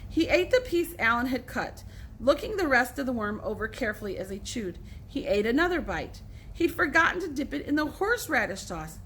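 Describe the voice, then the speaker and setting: A woman's voice: high-pitched, sing-song, a little fast, slight background noise. A woman teacher reading a novel aloud to her students, with asides to the class. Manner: warm storytelling with asides to the class.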